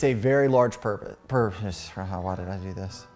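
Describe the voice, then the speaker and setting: A man's voice: darkish tone, soft background music. Playful man co-hosting a reaction chat. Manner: playful, teasing, quick promo pitch. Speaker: realtor co-host.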